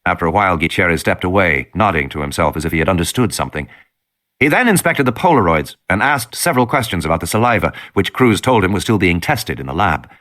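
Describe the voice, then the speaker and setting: A man narrating an audiobook in an expressive, dramatic way. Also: sits low, fast talker.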